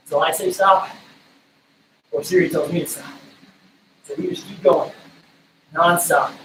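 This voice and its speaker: A winded man coaches a live workout, pushing listeners to keep going and counting reps between breaths. His voice sits a little high. He sounds off-mic in a roomy space with faint background noise. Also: a bit bright, distant mic. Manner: encouraging, counts reps aloud while exercising. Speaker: fitness coach.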